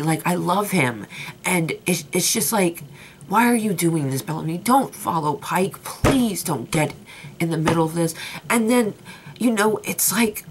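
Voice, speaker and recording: A woman's voice: sits low, slight background noise. A young woman reviewing a TV episode in a vlog, ranting in an impassioned, exasperated way. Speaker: TV show reviewer.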